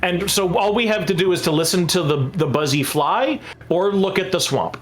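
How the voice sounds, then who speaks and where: A man's voice: sits high, normal speed. A man playing a tabletop game, making dry, sarcastic remarks. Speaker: player. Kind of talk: casual tabletop game chat.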